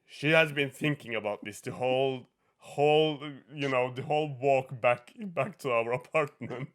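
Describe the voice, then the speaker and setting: A young man with a Norwegian accent, hosting a podcast and telling an animated story, swearing and laughing often as he acts out what people said. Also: medium pitch, moderate pace. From Norway. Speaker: podcast host. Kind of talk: casual chat, storytelling.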